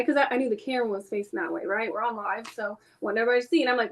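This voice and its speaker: A woman telling a fishing story in a casual chat, expressive and quoting herself often. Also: fairly high pitch, very fast. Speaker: guest.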